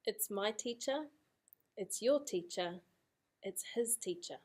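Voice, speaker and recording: Slow-paced New woman teaching. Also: medium pitch, animated, a little mellow, breathy edge. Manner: casual, encouraging, repeats drills with rising questions. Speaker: language teacher. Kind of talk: online language lesson.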